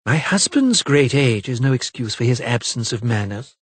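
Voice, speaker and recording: A man's voice: mid-range voice, very animated, moderate pace, husky, no echo. A man putting on a coquettish, sweetly poisonous noblewoman. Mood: coy, sweet. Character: haughty flirtatious noblewoman, 18th century. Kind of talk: audiobook character voice.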